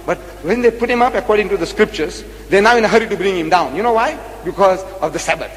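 A South African religious lecturer speaks fast in a high-pitched, slightly bright voice at a public religious debate. He's rhetorical and repetitive, repeating phrases and questioning the audience, and the hall sound echoes around him.

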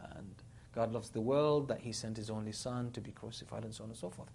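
A man giving a sermon, retelling a story with animated, dramatic quotes of the people in it. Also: fairly low pitch, a little fast, gravelly, slight background noise. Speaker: Islamic preacher.

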